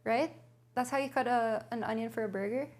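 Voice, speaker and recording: Brisk and steady, with a darkish tone on the high side, a young woman reads a recipe to viewers during a casual cooking stream from her home kitchen, chatting and thinking aloud.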